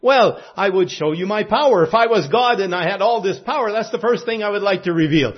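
High, husky French-Canadian-raised man preaching. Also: a little fast, dull audio. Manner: folksy, conversational, asks the audience questions. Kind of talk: informal sermon.

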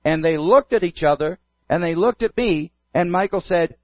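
A man preaches and tells a story in an earnest, storytelling manner. His voice sits a little high. The recording is dull and dry, with no room echo. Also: normal speed. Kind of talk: sermon with storytelling.

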